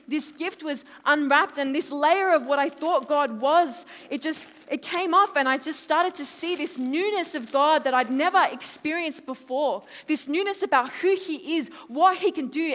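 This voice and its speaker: A woman in her twenties with an Australian accent, a conference speaker giving a lively testimony talk and acting out her own quotes. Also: sits high. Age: 20s. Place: large hall. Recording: long hall reverb.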